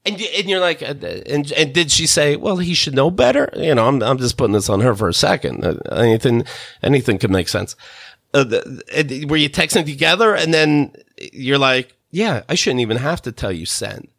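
A man hosting a podcast, delivering an exasperated, profanity-filled comedic rant that swings between mutters and shouts. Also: medium pitch, expressive, brisk, creaky. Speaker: podcast host.

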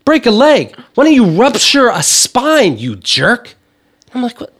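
High-voiced man ranting animatedly. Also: unhurried, breathy edge. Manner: ranting, swears freely, animated. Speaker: podcast co-host. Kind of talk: casual comedic chat.

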